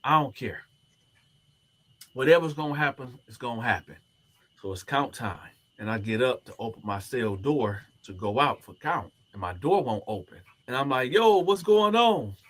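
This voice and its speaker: A man's voice: on the low side, moderate pace, breathy edge. A man, a former prisoner, telling a story and acting out the other people's lines as he goes. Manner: animated, acts out the other people's quoted lines. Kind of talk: storytelling to camera.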